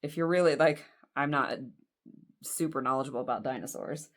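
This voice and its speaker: A low-pitched woman in her forties talks through a doll-clothes unboxing. She rambles into chatty, self-deprecating asides as she holds up each piece. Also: brisk. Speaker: doll collector vlogger. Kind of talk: casual unboxing chat.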